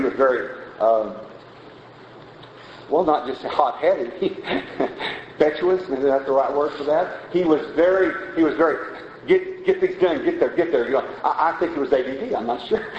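Man, preacher, folksy conversational sermon, echoey room, faint hiss. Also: fairly high pitch. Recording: roomy, dull lo-fi sound with faint noise.

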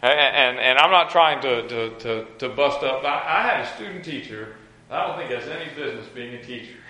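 An emphatic male preacher drives his sermon with repeated phrases and stammering restarts. His voice is bright and pitched high for a man, and it rings through a roomy, echoey space.

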